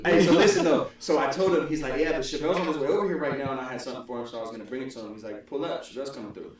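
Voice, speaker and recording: A man's voice: mid-range voice, rapid-fire, crowd noise. A man hosting a podcast, telling stories casually with lots of swearing and laughter. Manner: storytelling with profanity and laughter. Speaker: podcast host. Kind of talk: casual chat. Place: room with several people. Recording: echoey room, distant mic, talk behind.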